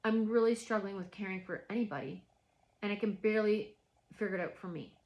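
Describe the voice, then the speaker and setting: A woman's voice: mid-range voice, a little fast, lo-fi sound. A woman vlogging from home in a reflective, rambling monologue, full of restarts and filler words.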